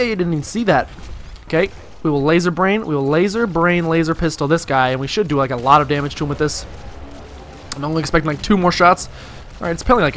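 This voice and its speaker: Offering casual gameplay commentary, a man with a slightly high, fairly bright voice rambles through tangents during a video game run. He keeps making self-deprecating jokes about his own play. A little hiss or hum sits under the recording.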